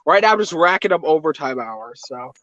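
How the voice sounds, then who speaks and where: Guy, high voice, joking, dull dry mic. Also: sing-song, brisk, fairly bright tone, no room sound. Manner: joking, playfully mock-hurt. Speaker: guest on a livestream. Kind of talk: casual chat.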